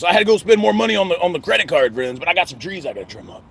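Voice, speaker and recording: Fast-talking gravelly man, stammering. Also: high-pitched, lively intonation, a crowd in the background. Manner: repeats 'friends' constantly, stammering restarts. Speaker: vlogger. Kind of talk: rambling personal vlog. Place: outdoors at a cemetery.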